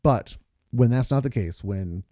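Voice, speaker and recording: A man's voice: mid-range voice, animated, measured pace, warm tone, no echo, studio quality. A man co-hosting a podcast with his wife, talking earnestly through long examples and stories. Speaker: podcast co-host. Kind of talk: casual podcast conversation.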